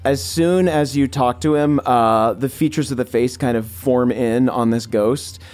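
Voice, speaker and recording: A man narrating a tabletop game as game master, in a slow, dramatic manner. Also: mid-range voice, a little mellow, faint music behind.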